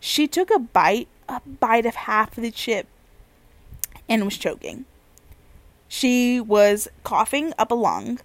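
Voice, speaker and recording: A young woman chats to camera in a lively, slangy way, dropping casual swear words as she tells a story. Her voice sits on the higher side. The sound is dry, with no room echo. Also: takes it slowly, pauses often. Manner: animated, slangy, swears freely. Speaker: vlogger.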